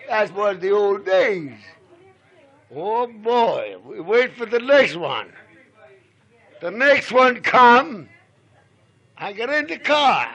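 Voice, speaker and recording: A man's voice: high-pitched, expressive, slow pace, gravelly, pauses often, fairly bright tone, lo-fi sound. An older man at a party telling a rambling, humorous story in a folksy way, recorded on a 1960s home tape with chatter behind. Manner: folksy, keeps exclaiming "oh, boy". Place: house party after a wedding.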